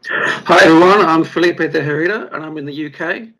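A man's voice: on the high side, fairly quick, sharp tone. A man guest in a casual tasting chat over a video call, easygoing with short replies.

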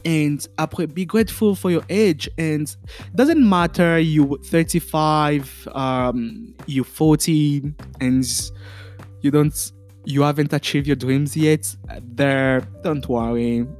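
Over faint music, a man with a French accent speaks slowly in a fairly high, steady, darkish voice. As a podcast host, he delivers an earnest motivational monologue full of fillers and restarts.

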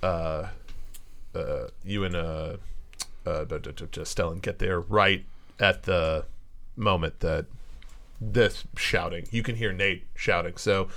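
A young man narrating as game master, chuckling and quickly voicing guards in a tabletop game. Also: low-pitched, vocal fry, pushed and bright. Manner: laughing, voices guards in quick asides.

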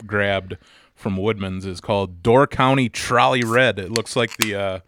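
A man chats casually as a podcast co-host. He talks slowly and swears easily, his voice dry and close to the mic. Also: on the low side, fairly even intonation, fairly bright tone, no room sound. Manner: unhurried, laughs often, swears casually. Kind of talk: casual chat.

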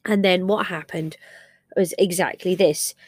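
A woman's voice: lowish voice, steady tone, measured pace, no room sound, clean studio sound. A middle-aged woman hosting a personal podcast, telling a story about her family in a candid, emotional, reflective way. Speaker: podcast host and parent.

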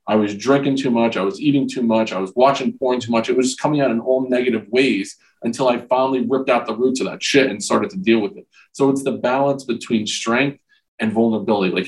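A man's voice: medium pitch, rough recording. A man in his forties, a podcast guest, talking frankly and earnestly about men's struggles, with casual swearing. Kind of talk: candid conversational interview.

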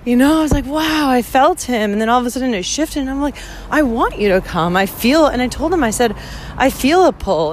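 Walking outdoors to a train station, a young woman vlogs casually on her phone, speaking candidly and emotionally and swearing often. Her voice is mid-range, with slight background noise.

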